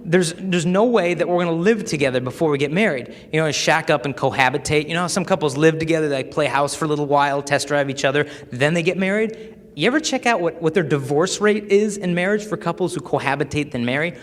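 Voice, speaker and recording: Animated young man speaking in an echoey hall. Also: fairly high pitch, fast. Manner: animated storytelling, acts out quoted voices. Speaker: speaker addressing a live audience. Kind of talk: humorous motivational talk.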